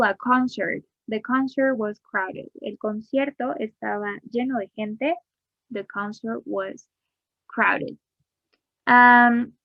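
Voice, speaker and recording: Very slow, patient woman teacher. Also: on the high side, highs cut off. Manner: repeats each word, then gives the Spanish. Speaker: English teacher. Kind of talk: slow bilingual grammar lesson.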